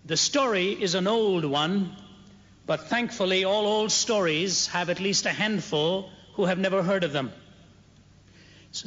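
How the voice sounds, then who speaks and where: A man preaching, telling a humorous story in a measured, dry-humored way. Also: high-pitched, a bit bright. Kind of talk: sermon storytelling. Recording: dull, reverberant hall.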